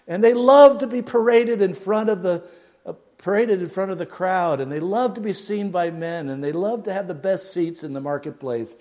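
A man preaching a sermon, dropping to near a hush and then rising loud. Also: sits high, lively intonation, moderate pace. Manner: dramatic swings from hushed to loud, mocks a pompous prayer voice.

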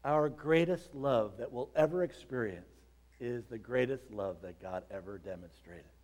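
At a normal speed, a preacher reads scripture aloud and explains it, swinging from low, quiet stretches up to dramatic, shouted high points.

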